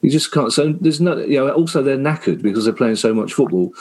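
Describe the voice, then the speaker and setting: A man co-hosting a podcast, talking in a rambling, animated way and swearing now and then. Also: medium pitch, brisk. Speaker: podcast co-host. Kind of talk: casual chat.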